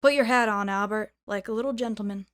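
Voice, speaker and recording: A blunt, good-natured man talks in a plain, matter-of-fact way, read by a woman. His voice sits at an everyday pitch, friendly and direct, from a storybook reading. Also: fast talker, a bit bright, lightly acted. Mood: hearty.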